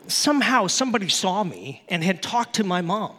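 A middle-aged man preaching a sermon, telling a story from his youth with lively acted-out voices. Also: high-pitched, a little fast, big-room sound. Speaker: pastor.

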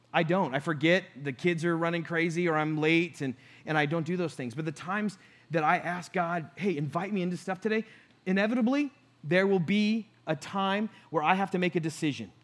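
A middle-aged pastor with a high, light voice delivers a sermon. He tells a personal story in an earnest way and plays out both sides of his talks with God. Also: moderate pace.

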